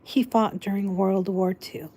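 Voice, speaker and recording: Slow-talking woman, Spanish first language. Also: mid-range voice, fairly even intonation, mellow. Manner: rambling, restarts often, laughs. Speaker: vlog host. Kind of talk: casual chat.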